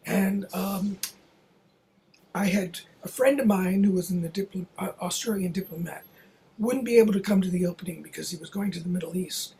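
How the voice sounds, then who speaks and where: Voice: mid-range voice, normal speed, gravelly, mellow, slight background noise, poor audio. An older theater producer telling a long backstage anecdote, chatty, full of fillers and restarts, and acting out what others said. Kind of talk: anecdotal storytelling.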